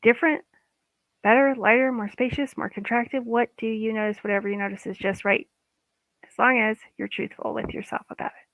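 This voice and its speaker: A woman's voice: fairly high pitch, steady tone, a little fast, no echo. A woman giving a casual, guided self-help talk as an EFT coach, informal and chatty, sometimes losing her words. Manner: chatty, informal, loses words mid-sentence. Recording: dry, phone-like line.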